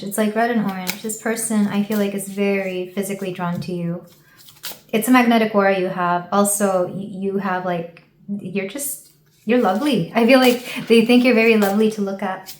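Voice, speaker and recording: A woman from the United States talks through a casual tarot reading in a middle-pitched voice. She rambles and thinks aloud, leaning on soft fillers as she goes. The room gives her voice a noticeable echo. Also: moderate pace, slight background noise. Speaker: tarot reader.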